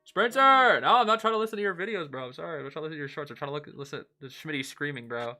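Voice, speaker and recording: A man streaming, casually co-commentating esports matches and chatting to viewers in an excitable way, often saying "bro" and laughing. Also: on the high side, racing, faint music behind.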